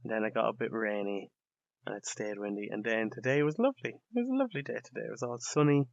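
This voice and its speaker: Sweary sardonic Irish podcast host. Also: male voice, on the low side, lively intonation, fast, creaky, dry recording. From Ireland. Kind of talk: casual comedic monologue. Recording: dull lo-fi dry recording.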